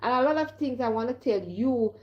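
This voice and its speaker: A woman's voice: on the high side, animated, brisk, lo-fi sound. A woman with a Caribbean accent talking casually to her viewers as a live streamer, emphatic and repeatedly asking if they understand. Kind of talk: casual direct-to-camera monologue.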